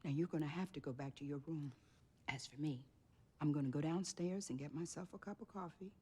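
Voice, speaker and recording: An actress playing a middle-aged care-home nurse who speaks in a soothing, firm way. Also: female voice, low voice, fairly quick, dark tone, breathy edge.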